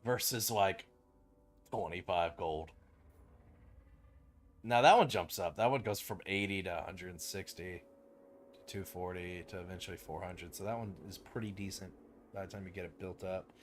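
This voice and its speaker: A man's voice: deep voice, moderate pace, pauses often. A young man casually commenting on his strategy game, rambling and swearing, with lots of fillers. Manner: rambling, profane, full of fillers. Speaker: game streamer.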